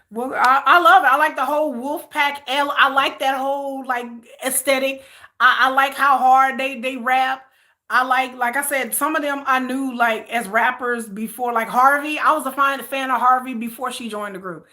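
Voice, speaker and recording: A woman's voice: sits high, steady tone, normal speed, pushed and bright. A woman vlogger chatting casually on a livestream, rambling and repeating herself as she answers viewer comments.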